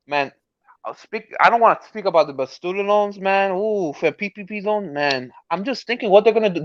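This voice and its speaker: A man's voice: high voice, dry recording, lo-fi sound. A male guest in casual chat, rambling with restarts and often asking if he is understood.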